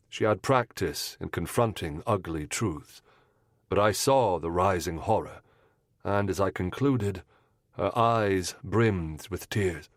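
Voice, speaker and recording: A man narrating a mystery audiobook in the first person, in a measured, composed way. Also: deep voice, no echo, studio quality.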